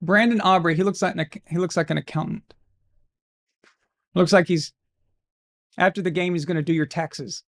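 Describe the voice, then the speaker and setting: A man's voice: high-pitched, fairly even intonation, normal speed, pauses often, fairly bright tone. A man from Arkansas hosting a live football watch-along stream, giving casual commentary full of crude, brash, mocking humor.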